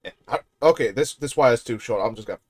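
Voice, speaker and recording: A man's voice: medium pitch, fast talker, a little mellow, no echo, clean studio sound. A British man casually chatting on a live stream while building a PC, rambling and joking at his own expense. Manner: joking, rambling, self-deprecating.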